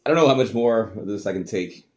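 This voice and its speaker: A man's voice: fairly low pitch, lively intonation, fast talker. A man, rambling casually and swearing offhandedly while he tests old recording gear at home. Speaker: vlogger. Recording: noisy home recording with clicks.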